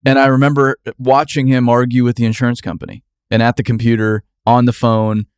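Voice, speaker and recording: A man's voice: mid-range voice, little pitch movement, fairly quick, clean tone, no room sound, clean studio sound. A man hosting a podcast, talking in a blunt, candid way and swearing casually. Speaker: podcast host.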